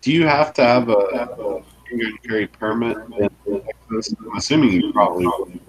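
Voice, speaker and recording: Low, husky man musing on a video call. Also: moderate pace, low-quality recording. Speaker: live stream participant. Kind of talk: casual group chat.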